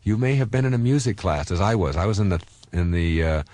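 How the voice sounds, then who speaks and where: A man's voice: low voice, lively intonation, fast talker, darkish tone, no room sound. A middle-aged man giving a recorded self-help talk, telling personal stories conversationally with frequent fillers and restarts.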